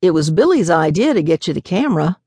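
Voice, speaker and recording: A woman's voice: fairly low pitch, sing-song, fast talker, a little mellow, slightly rough, no echo, clean studio sound, exaggerated voice. A woman voicing an easygoing, affectionate man who soothes and teases his partner. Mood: cheerful. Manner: soothing, playful.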